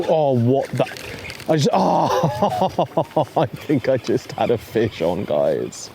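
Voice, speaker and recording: A man's voice: mid-range voice, big pitch swings, unhurried, creaky, background noise. A young man talking casually to the camera as he fishes and hikes by a lake, chatty and self-mocking, often talking to the fish. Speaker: outdoor vlogger. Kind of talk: casual talk to camera while fishing and hiking. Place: outdoors by a lake. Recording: music playing behind the voice.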